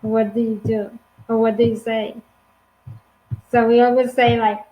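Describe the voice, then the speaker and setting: A woman from Honduras with a Honduran Spanish accent, teaching an online English lesson with slow, clear speech and playful acted examples. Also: a little high, level tone, muffled recording.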